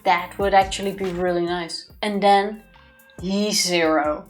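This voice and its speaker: A woman's voice: lowish voice, steady tone, measured pace, soft background music. A woman co-hosting a let's play in casual chat, teasing dryly and laughing often.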